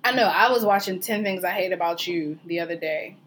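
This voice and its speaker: A woman's voice: lowish voice, fairly quick, a bit bright, a little hiss or hum. A young woman co-hosting a podcast, talking bluntly and candidly in casual chat, swearing freely. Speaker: podcast co-host.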